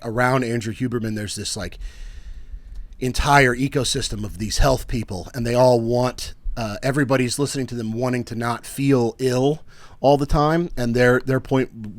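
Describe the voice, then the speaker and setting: A young podcast co-host, tired and worn out after being sick, trades casual banter, rambling, joking and trailing off with fillers. His voice is mid-range and the recording is dry.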